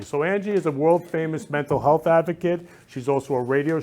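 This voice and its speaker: A man's voice: on the high side, a little fast, few pauses, warm tone. A man hosting a casual talk show, effusive and affectionate, repeating loving phrases as he welcomes his guests. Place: indoor studio or temple room.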